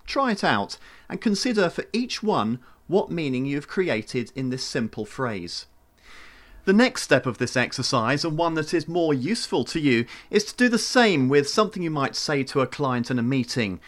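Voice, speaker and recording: A man talks through a scripted voice lesson in a measured, instructive way. His pitch moves a lot as he demonstrates how tone changes meaning. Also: big pitch swings. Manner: measured, demonstrative, shifts tone to show examples. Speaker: voice coach.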